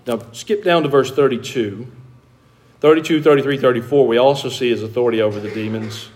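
A man pastor preaching a sermon in a church, slowing down to stress key words as he explains scripture. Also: mid-range voice, darkish tone. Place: church sanctuary.

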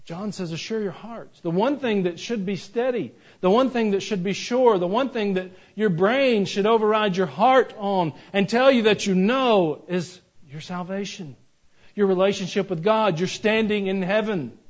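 A man preaching a sermon, animated and joking, with rhetorical questions to the congregation. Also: high voice, normal speed. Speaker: pastor. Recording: dull lo-fi recording.

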